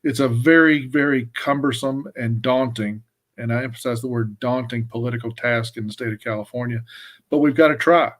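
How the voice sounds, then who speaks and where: A man's voice: mid-range voice, quick pace, a bit bright. A man from Wyoming giving an earnest, emphatic policy update on a live webcast, often restarting his sentences. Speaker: government affairs staffer.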